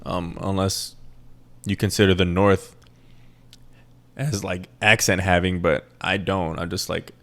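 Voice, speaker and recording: Young male podcast host, flat Midwestern accent, slightly low voice, loose rambling delivery with plenty of swearing. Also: a little slow, long pauses. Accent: plain Midwestern American. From American Midwest. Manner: rambling, self-deprecating, swears freely. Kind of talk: casual solo podcast chat.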